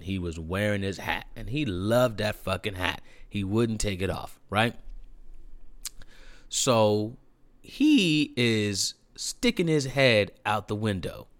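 A young man casually telling a profane, animated family story with lots of fillers and laughter. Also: lowish voice, slow pace, no echo.

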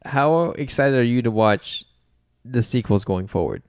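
A man's voice: mid-range voice, expressive, unhurried, smooth, no room sound. A young man co-hosting a casual movie podcast, joking and laughing often. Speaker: podcast co-host.

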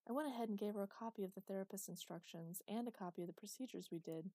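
A woman's voice: mid-range voice, fast, dark tone, no echo, close to an everyday voice, poor audio. Woman voicing a courteous doctor. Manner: polite, businesslike. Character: polite professional woman doctor. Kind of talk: audiobook character voice.

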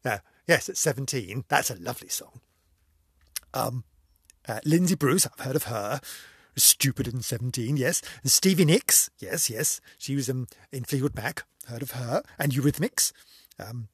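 A woman's voice: a bass voice, expressive, moderate pace, breathy edge, no room sound, studio quality. An older woman hosting a casual vlog, telling corny jokes and giggling at them herself. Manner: giggly, laughs at her own jokes, self-mocking. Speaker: vlog host.

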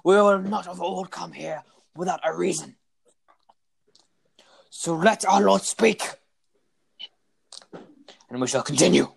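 A man doing a loud robotic commander. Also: high voice, slow pace, creaky, pauses often, a crowd in the background, voice pushed up, full character voice. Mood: imperious. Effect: robotic voice, spoken.

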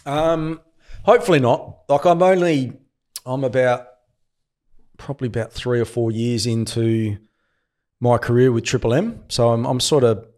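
In a laid-back interview, an Australian guest in his early fifties, a cricketer who became a commentator, spins stories and chuckles at himself. His voice is medium in pitch and moves at a moderate pace.

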